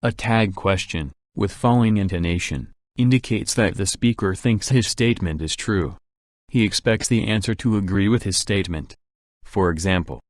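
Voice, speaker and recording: A man with a low voice reads grammar rules and example answers. He keeps a measured, even pace meant for learners. The sound is close and dry. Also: dry recording. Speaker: English teacher. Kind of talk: scripted lesson reading.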